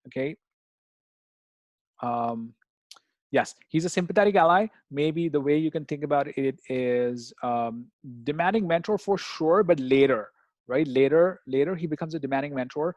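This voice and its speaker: A man leads students through test questions in a relaxed, unscripted lesson. His voice sits a little high for a man and sounds dry and close, with no room around it. He keeps checking in with "right?" and "okay?" and drifts into fillers as he thinks aloud. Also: no echo. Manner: talks through answers with frequent "right?" and "okay?"; hesitant, many fillers and restarts. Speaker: test prep tutor. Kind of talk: casual teaching walkthrough.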